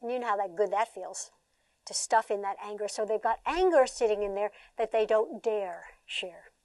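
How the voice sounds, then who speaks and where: An older woman, a trainer and former therapist, lecturing a seated audience at a workshop in an animated, conversational way, often asking the room rhetorical questions. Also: mid-range voice, moderate pace, no room sound.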